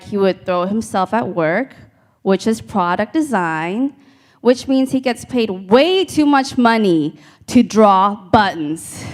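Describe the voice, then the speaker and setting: A woman performing a stand-up comedy set on a live stage, telling deadpan stories and talking to the crowd. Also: mid-range voice. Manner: deadpan storytelling with crowd asides.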